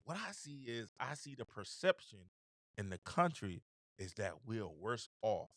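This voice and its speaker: A man's voice: fairly low pitch, very animated, a little slow, no echo, studio quality. A man hosting a show, talking casually and animatedly about the news with slang, repeated phrases and frequent laughter. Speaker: show host. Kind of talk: casual political commentary.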